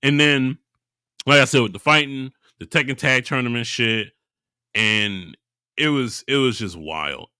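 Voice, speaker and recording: Speaking at a medium pitch and a little slowly, with a clean tone, a podcast co-host animatedly retells a story in casual chat, laughing a lot and acting out voices. The clean studio sound has no room sound.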